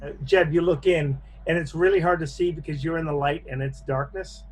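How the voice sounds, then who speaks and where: Halting game master narrating horror. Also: male voice, fairly high pitch, steady tone, a little mellow, a little hiss or hum. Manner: halting narration with many fillers. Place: home, on a video call.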